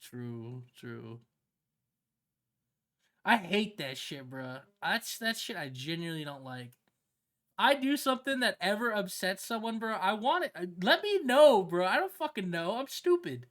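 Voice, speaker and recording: A streamer chatting casually with viewers on a live stream, slangy and excitable, swearing often and laughing a lot. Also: medium pitch, measured pace. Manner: slangy, swears a lot, keeps saying "bro". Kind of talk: casual livestream chat with viewers.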